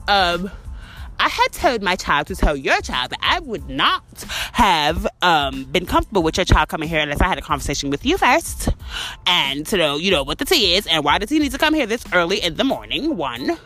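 A woman's voice: on the low side, sing-song, brisk, sharp tone, soft background music. Heated, profane woman ranting animatedly. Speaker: podcast host. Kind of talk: ranting monologue.

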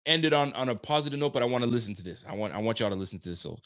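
A man hosting a live sports talk show, excitable and loud, often repeating himself as he talks. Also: medium pitch, racing, no room sound, studio quality. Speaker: sports podcast host. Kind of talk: casual live show chat.

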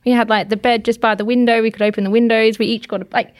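An Australian woman, a podcast guest, chatting casually with quick asides and frequent laughter. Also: a little high, little pitch movement. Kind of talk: casual chat.

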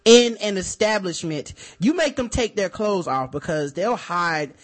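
A man's voice: high voice, expressive, unhurried. A man co-hosting a podcast in casual chat, laid-back and joking. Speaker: podcast co-host.

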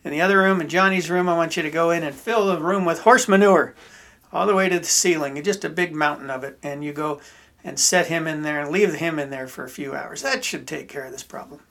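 A man telling a story voices a psychologist who calmly explains his plan to the parents. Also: mid-range voice, brisk, close to an everyday voice. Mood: advising. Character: calm male psychologist giving advice.

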